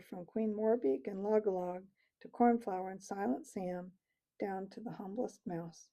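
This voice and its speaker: A woman reading a novel aloud with steady, calm narration. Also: mid-range voice, creaky, rough recording. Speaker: storyteller.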